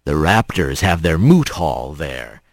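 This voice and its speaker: A man voicing a stern male hawk police sergeant who speaks in a low, curt rumble. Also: big pitch swings, takes it slowly, creaky, no room sound, studio quality, full character voice. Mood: gruff.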